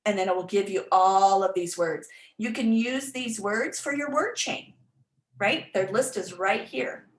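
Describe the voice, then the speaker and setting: A woman teacher talks through an online workshop in a loose, chatty way, with fillers and restarts, and stops to sound out words. Her voice sits in a middle range and comes through a computer mic in a room with a clear echo. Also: mid-range voice, measured pace. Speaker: literacy teacher presenting a workshop. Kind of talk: informal online presentation.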